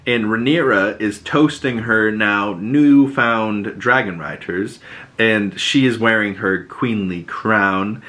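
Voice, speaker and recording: A man hosting a podcast, recapping a TV episode in loose, profane casual talk and slipping into quick acted quotes of the characters. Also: on the low side, bright, forceful tone. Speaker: podcast host.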